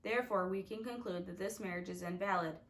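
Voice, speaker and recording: A woman voicing a kind female judge who speaks carefully and in measured phrases. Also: mid-range voice, close to an everyday voice.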